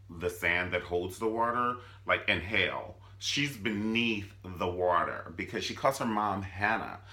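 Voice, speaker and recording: A sassy man recapping a TV drama in a loose, comedic way. His voice sits fairly low but swings wildly up and down, with a bright, hard edge. He talks in an animated, playful rush. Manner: sassy, animated, swooping between squeals and low mutters. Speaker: vlogger reviewing a TV drama.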